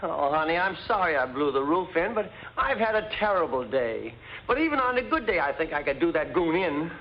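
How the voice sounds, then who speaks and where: An actor playing a hot-tempered middle-aged father in a 1950s sitcom, gruff and explosive. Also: a little high, sing-song, fairly quick, background noise. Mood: raging. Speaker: father, businessman. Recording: dull lo-fi 1950s TV audio.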